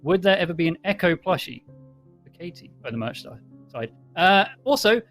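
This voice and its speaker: A man's voice: high-pitched, sing-song, normal speed, a bit bright, soft background music. A man hosting a live stream, chattily thanking viewers and reading out their donation messages. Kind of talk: casual stream chat.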